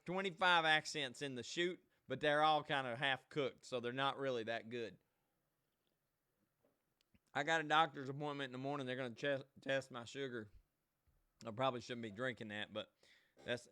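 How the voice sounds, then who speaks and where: A man with a slightly high voice that's pushed, bright, clear, and resonant speaks at a moderate pace. Hosting a live online show by himself, he chats casually and folksily directly to his viewers in a livestream.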